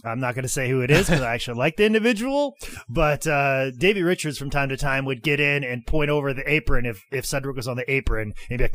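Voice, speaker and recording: A man casually telling a wrestling story on a podcast, animated and heavy on swearing. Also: medium pitch, fast talker. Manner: animated, profane, fired-up storyteller.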